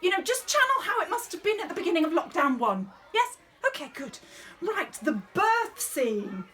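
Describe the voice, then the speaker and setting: A woman's voice: extremely high pitch, very animated, moderate pace, a bit bright, slight background noise, exaggerated voice. A woman playing a fussy, bossy drama director running a school nativity rehearsal, in a theatrical, exasperated comic monologue.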